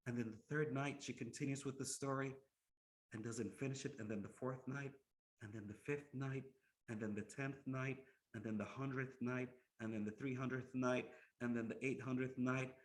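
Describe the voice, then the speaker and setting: A man's voice: medium pitch, steady tone, moderate pace. A man giving an Islamic lecture as a storytelling tale, posing rhetorical questions and often repeating words as he goes.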